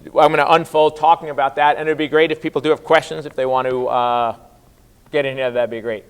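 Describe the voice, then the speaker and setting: A man's voice: fairly high pitch, steady tone, a little fast, clear, resonant tone. A man lecturing a class on history in a loose, conversational way, often acting out what historical figures said. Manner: conversational, many fillers, voices historical figures in quotes.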